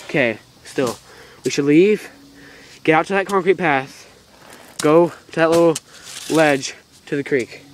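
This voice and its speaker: A young man in an amateur outdoor video drama, excitable and swearing as he plans aloud in the woods. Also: on the high side, measured pace, long pauses. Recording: outdoor camera mic with faint noise.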